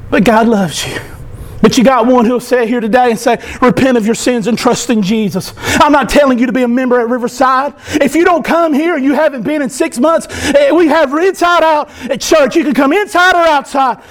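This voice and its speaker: A male pastor preaching an impassioned sermon, often breaking into shouts. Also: very high-pitched, a little fast, few pauses. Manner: impassioned, fervent, bursts into shouting.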